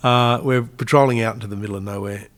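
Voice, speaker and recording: Low-voiced Australian man telling stories. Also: steady tone, fast talker. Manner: chatty, laughs through his stories. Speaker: guest, army veteran. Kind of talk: casual storytelling interview.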